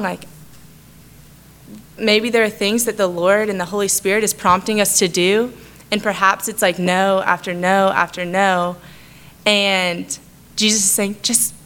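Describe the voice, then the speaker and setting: Young woman, church testimony, earnest and heartfelt, smooth clear voice, mid-range pitch. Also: a bit bright. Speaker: church speaker sharing a testimony. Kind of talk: personal testimony.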